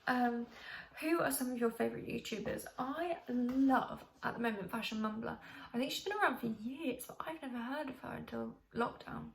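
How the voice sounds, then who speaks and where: A woman's voice: a little high, moderate pace, gravelly. A young woman from the UK chatting casually to camera as a vlogger, rambling with many ums and restarts. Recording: echoey room, faint hiss.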